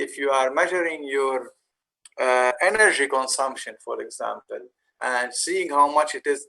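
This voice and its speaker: Male course instructor, mid-pitched, gravelly, patient explainer. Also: bright, forceful tone, poor audio. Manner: explanatory, with frequent fillers and restarts. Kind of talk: lecture on facility management.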